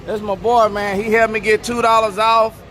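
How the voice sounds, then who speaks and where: High-voiced man hyping a drag strip. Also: normal speed, faint music behind, a faint crowd. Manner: loose, excited hype talk, rattling off viewer locations. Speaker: racing channel host filming trackside. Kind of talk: casual livestream-style shoutouts.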